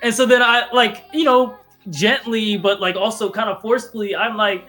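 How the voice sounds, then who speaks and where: A man's voice: sits high, steady tone, moderate pace, hardly any pauses, bright, forceful tone, soft background music. A young man telling a rambling story in casual chat, acting out quotes with laughs. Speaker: podcast guest or co-host.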